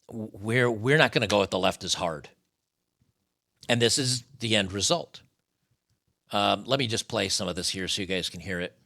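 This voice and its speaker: A man's voice: lowish voice, normal speed, gravelly, sharp tone. A man hosting a live stream with casual political commentary, blunt, profane and mocking.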